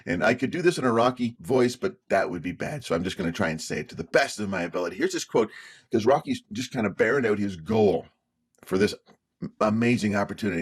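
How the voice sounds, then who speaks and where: A man's voice: on the low side, slightly rough. A man giving an emphatic motivational video talk, repeating his key phrases for emphasis. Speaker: motivational speaker.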